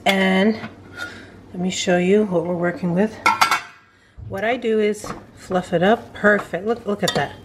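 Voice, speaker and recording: A woman's voice: medium pitch, a little hiss or hum. A woman chatting and joking with viewers while she cooks in her home kitchen, casual vlog style. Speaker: home cook vlogger.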